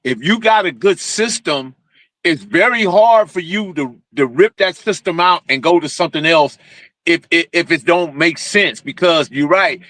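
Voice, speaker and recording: Man, host, casual chat, slangy, affirming, dry close sound, sharp bright tone. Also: a little high, dry recording. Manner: slangy, affirming, quick to agree.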